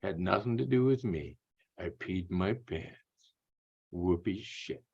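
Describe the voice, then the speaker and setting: A man's voice: low voice, slow pace, darkish tone, slightly rough, lo-fi sound. A man telling blunt, crude-humored stories as an interview guest, tagging his lines with "man" and "eh". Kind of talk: casual storytelling.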